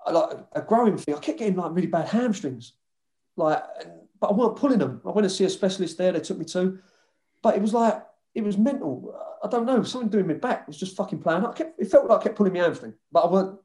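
A man with a London accent tells old football stories at full tilt. His voice sits a touch high, and he swears and laughs his way through the tales. The room around him is roomy and echoey. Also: quick pace. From London (Hackney). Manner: animated storyteller, swears freely, laughs often. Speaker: former footballer guest. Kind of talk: casual podcast chat.

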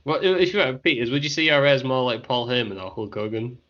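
A man's voice: medium pitch, animated, fast talker, a bit bright, slight background noise. Guy hosting a podcast, laughs a lot, bit tipsy, rambly, muffled lo-fi audio. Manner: laughs often, rambling with restarts. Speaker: podcast host. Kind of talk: casual chat.

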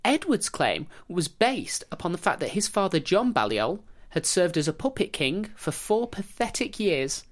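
Woman host, low-pitched, wry and jokey, telling history to a co-host. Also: big pitch swings, normal speed, few pauses. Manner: wry, jokey, breaks into laughter. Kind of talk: casual storytelling chat.

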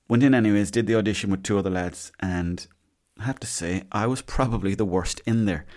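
A man's voice: lowish voice, brisk, darkish tone. An Irish man in his thirties hosting a casual solo podcast, rambling and self-mocking as he chats. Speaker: podcast host.

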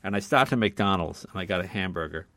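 An older man, a guest on an interview show, telling casual anecdotes in an animated way. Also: sits low, fast talker, dry recording. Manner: animated, loud when acting out quotes.

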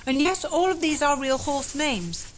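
A woman's voice: high-pitched, lively intonation, a little slow, slight background noise. A woman co-hosting a casual chat show, reading listener emails and lists with playful laughter. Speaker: podcast co-host.

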